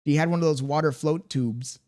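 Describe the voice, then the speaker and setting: A man's voice: a little high, a little mellow. Laid-back male streamer with a sore throat. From Chicago, USA. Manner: laid-back, chuckling, drifts between slow and quick talk. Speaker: live streamer. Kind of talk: casual stream chat, reading viewer comments aloud.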